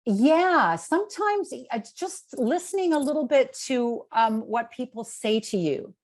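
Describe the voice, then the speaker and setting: A middle-aged woman answering questions on a video call, telling stories in a relaxed way with many fillers and restarts. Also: high-pitched, unhurried. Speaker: keynote speaker.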